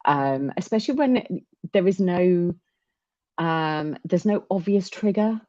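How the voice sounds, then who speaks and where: A woman with a low voice talks openly in a casual chat, stumbling and restarting as she goes. The recording sounds dull and lo-fi. It is also dry, with no room sound. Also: expressive, mellow, no room sound. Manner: candid, halting, many restarts.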